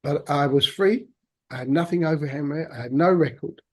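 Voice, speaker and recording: A man, a podcast guest telling his own story in a halting, reflective way. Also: on the high side. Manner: halting, reflective, many restarts. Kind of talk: personal storytelling interview.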